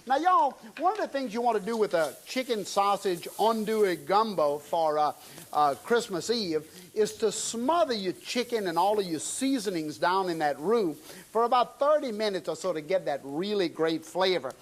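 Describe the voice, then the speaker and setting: A TV cooking show chef, middle-aged and South Louisiana-accented, talks folksily to his audience as he shows how to make a dish. His voice sits high, the intonation is lively, and he speaks at normal speed.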